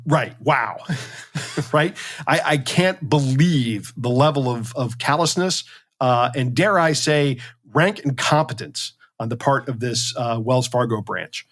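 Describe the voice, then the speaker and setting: A man's voice: medium pitch, measured pace, fairly bright tone. A man co-hosting a podcast, retelling a news story in a casual, indignant and sarcastic way. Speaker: podcast co-host. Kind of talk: casual chat.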